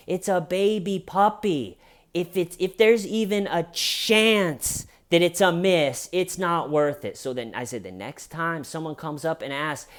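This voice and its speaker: A young adult man vlogging, telling a personal story casually and acting out quoted lines in a raised voice. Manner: animated retelling, acting out quoted lines with higher pitch.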